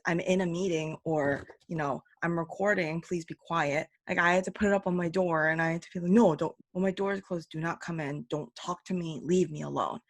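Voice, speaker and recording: Chatty gravelly woman podcast host. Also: no echo, studio quality. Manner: chatty, self-mocking, acts out quotes in higher voices. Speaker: podcast host and English teacher. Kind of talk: casual solo podcast chat. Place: home room.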